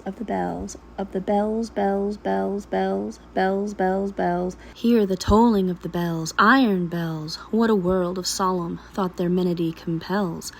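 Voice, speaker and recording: A woman vlogger reading a poem aloud while cooking at home in her kitchen, in a slow, emphatic recital that draws out repeated words. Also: mid-range voice, creaky, darkish tone, a little hiss or hum, poor audio. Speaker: vlogger and mother of a large family. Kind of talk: dramatic poetry reading.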